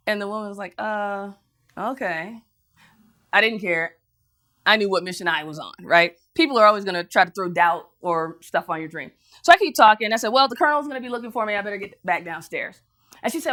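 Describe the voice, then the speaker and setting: A woman's voice: mid-range voice, brisk, sharp tone. A woman motivational speaker telling a story to an audience, acting out other people's lines and laughing as she goes. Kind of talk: motivational speech.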